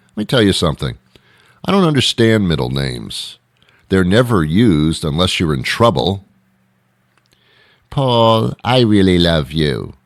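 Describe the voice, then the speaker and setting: Deep gravelly sarcastic male host. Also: no echo, clean studio sound. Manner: rambling, sarcastic, mock-outraged. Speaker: radio host. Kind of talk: comedic monologue.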